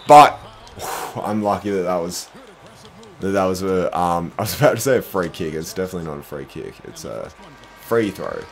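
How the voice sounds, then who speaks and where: A young man streaming a basketball video game, commenting live, groaning at his own mistakes and bursting into shouts. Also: deep voice, moderate pace, creaky. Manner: excitable, groaning, self-deprecating, bursts into shouts. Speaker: gaming streamer.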